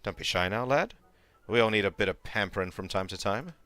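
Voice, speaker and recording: A man's voice: fairly low pitch, animated, a little fast, a bit bright, no room sound. A man reading out a greedy older male merchant in a folksy, old-timey drawl, close to the mic. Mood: sly.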